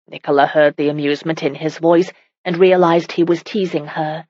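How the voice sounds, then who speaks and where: A woman narrating a historical romance audiobook in a measured, even reading. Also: deep voice, dry recording, lo-fi sound.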